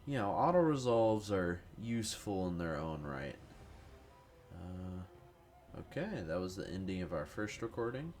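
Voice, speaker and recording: A man's voice: low voice, sing-song, unhurried, darkish tone. A man who is sick, giving rambling, profane, casual commentary over strategy gameplay. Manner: rambling, profane, self-deprecating. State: sick with a cold. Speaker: gaming youtuber.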